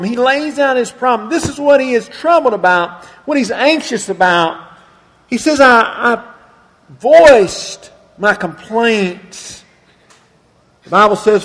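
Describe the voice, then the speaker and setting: A man with a high voice preaches earnestly, slowing down to stress key words. His sermon rings through a large church hall with a long reverb. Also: fairly bright tone. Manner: earnest preaching, slows for emphasis. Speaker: pastor.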